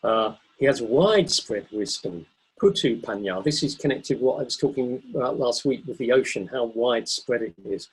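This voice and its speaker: Guy giving a buddhist dharma talk, kinda husky voice, calm and thoughtful, lots of ums. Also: medium pitch, poor audio. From Britain. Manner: thoughtful, unhurried, pauses with ums and self-corrections. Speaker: Buddhist teacher.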